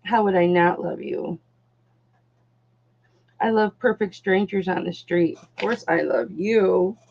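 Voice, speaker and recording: Hosting an online jewelry auction live, a woman with a lowish, slightly mellow voice and some vocal fry takes her time. She chats casually while selling, calling people darling, honey and doll, and the recording sounds dull and lo-fi.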